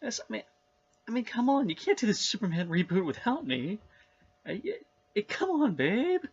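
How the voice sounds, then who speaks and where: A man's voice: high voice, very animated, moderate pace, breathy edge, lo-fi sound, pitched above the performer's own voice, full character voice. A man voicing a flustered male cinematographer who stammers and pleads in a comedy sketch. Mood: pleading.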